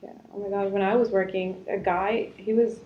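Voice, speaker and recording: A woman's voice: medium pitch, flat delivery, moderate pace, narrow, tinny audio. A young woman co-hosting a casual podcast chat, telling stories from her teenage job with lots of laughter and acted-out quotes. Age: young adult. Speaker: podcast co-host.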